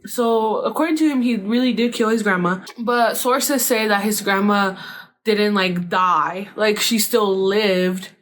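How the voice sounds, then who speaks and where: A woman's voice: medium pitch, unhurried, fairly bright tone. A woman podcast host casually retelling a story, rambling with lots of fillers and casual swearing.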